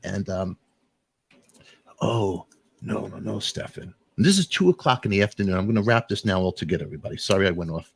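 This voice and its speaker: A man hosting a talk show, telling an emotional story in a rambling, animated way with sudden jumps in pitch. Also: fairly quick, gravelly, slightly rough. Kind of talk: emotional casual monologue.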